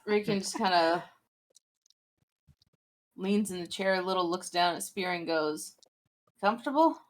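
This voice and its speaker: A woman narrates her character's moves in a tabletop game in a relaxed way. She speaks at an unhurried pace with an ordinary mid pitch. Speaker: player. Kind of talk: describing her character's actions.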